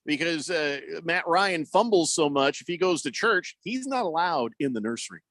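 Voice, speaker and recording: Higher-voiced joking sports radio host, man. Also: animated, moderate pace, fairly bright tone, dry recording. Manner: rambling and joking, many fillers. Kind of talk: casual sports talk radio.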